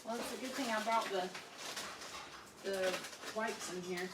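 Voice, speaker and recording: A woman's voice: medium pitch, slow pace, distant mic, heavy background noise. A cheerful woman, chatting casually and laughing often. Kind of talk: casual chat. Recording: roomy sound, away from the mic.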